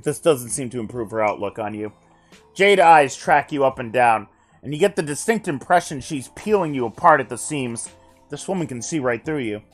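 A man's voice: medium pitch, expressive, normal speed, faint music behind. A man streamer reading a text adventure aloud on stream, breaking off for joking asides between passages of narration.

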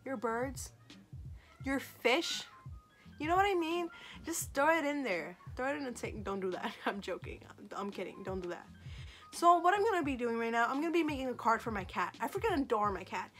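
A woman's voice: a little high, big pitch swings, normal speed, fairly bright tone. A woman vlogger chatting casually to camera in a sassy, joking, self-mocking way. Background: faint background music.

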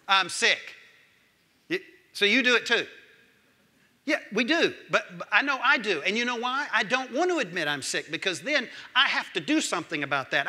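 A man, preaching a sermon as pastor, swinging between loud calls and hushed lines. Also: sits high.

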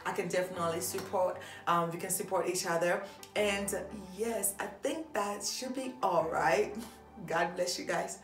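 A woman's voice: fairly low pitch, moderate pace, echoey room, faint music behind. Upbeat Ivorian woman vlogger. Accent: Ivorian French. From Ivory Coast. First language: French. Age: 30s. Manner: upbeat, chatty, laughing often. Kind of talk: casual get-to-know-me vlog.

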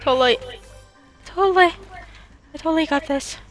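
Very high, excitable woman gamer. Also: moderate pace, music in the background. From Norway. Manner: excitable, panicky shrieks. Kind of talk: let's play co-op commentary.

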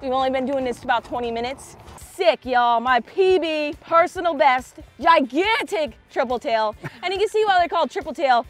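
High-pitched, excitable woman fishing vlogger. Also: normal speed. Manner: excitable, bursts into shouts. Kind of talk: casual vlog commentary. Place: outdoors on a fishing boat.

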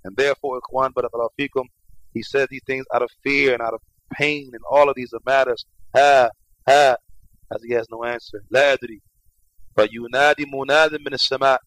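A man giving an Islamic lecture who reads Arabic passages quickly, then explains them in English, often repeating his phrases. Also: mid-range voice, fairly even intonation, a bit bright, low-quality recording. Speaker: religious lecturer.

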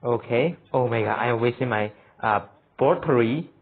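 Recorded on a phone mic with a tinny sound, a man commentates his own horror game play at normal speed in a medium-pitched voice. He's excitable, talking to himself and laughing or yelping whenever something startles him.

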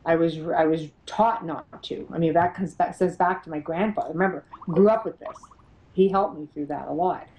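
A middle-aged woman, a paranormal investigator, telling her experiences as an interview guest, animated and laughing often as she acts out what others said. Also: low voice, normal speed, slight background noise, rough recording. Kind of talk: storytelling in an interview.

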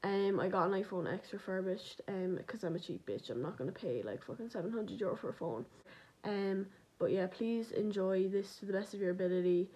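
A woman's voice: mid-range voice, fairly quick, warm tone. A young woman, chatting casually and rambling with self-deprecating humor in a vlog filmed on her phone at home. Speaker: vlogger. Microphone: phone camera.

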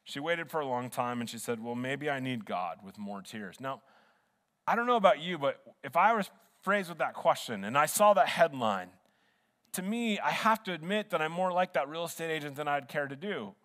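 Expressive and a little high, this man's slightly bright voice moves at normal speed as he preaches from a church sanctuary. His earnest, conversational sermon is full of restarted sentences, with long church reverb throughout.

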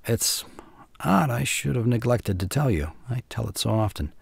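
A man reading the part of a mad, white-haired old doctor who talks low and slyly, laughing to himself, in an audiobook. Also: expressive, moderate pace, vocal fry, slightly rough, no echo, exaggerated voice. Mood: sly, unhinged. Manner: rambling, low and sly with laughs. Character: mad old male doctor, genial then menacing.

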